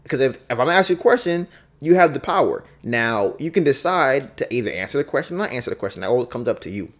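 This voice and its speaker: In this solo podcast, a man with a mid-range voice talks fast and with plenty of lively intonation. He muses casually and thoughtfully, repeating himself often and arguing both positions himself.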